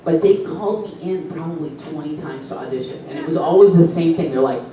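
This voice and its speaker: A middle-aged man spins animated stories at a convention panel and breaks into laughter often. His voice bounces around a big echoey hall, heard from well back from the mic. A steady noisy hum sits beneath it. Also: on the high side, a little fast. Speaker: voice actor, convention panel guest. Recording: echoey hall, distant mic, audible noise.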